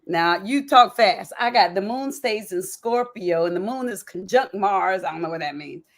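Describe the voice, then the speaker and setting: A woman hosting a podcast, talking in a lively, enthusiastic and emphatic way. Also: mid-range voice, normal speed. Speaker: podcast host. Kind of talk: casual interview talk.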